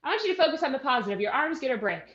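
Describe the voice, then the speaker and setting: A woman's voice: high voice, very animated, racing, a bit bright, reverberant, highs cut off. A woman leading a live workout class, counting reps and cheering her team on while out of breath. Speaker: fitness instructor.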